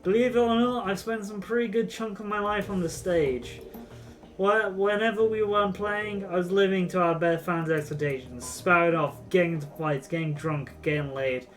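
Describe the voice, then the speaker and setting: A blunt, world-weary old ex-punk shaman mercenary, as a man reads his game lines aloud. The voice sits a little higher than most men's, rough-edged and unbothered. Faint music plays behind him. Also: steady tone, moderate pace, fairly bright tone. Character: weathered older male ex-punk shaman mercenary. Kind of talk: reading game dialogue aloud.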